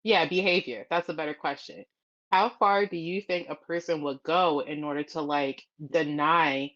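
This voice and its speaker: A very low-voiced woman speaks bluntly and with lots of swearing and slang, heard through dull, muffled lo-fi call audio. She talks like a guest in a casual stream chat. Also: normal speed. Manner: blunt, profane, animated, slangy.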